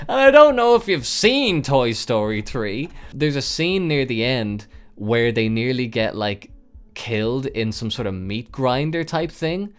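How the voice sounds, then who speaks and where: A man's voice: mid-range voice, sing-song, slow pace, smooth. A young man hosting a podcast, telling a long personal story in a rambling way, with frequent fillers and swearing. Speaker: podcast host. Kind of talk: storytelling monologue.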